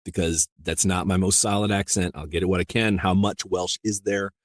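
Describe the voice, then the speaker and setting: A man from rural Iowa, an audiobook narrator, chatting as a guest in a casual interview, rambling with many restarts and quick laughs. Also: low-pitched, steady tone, no room sound, studio quality. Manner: rambling, full of "you know" and restarts, laughs easily.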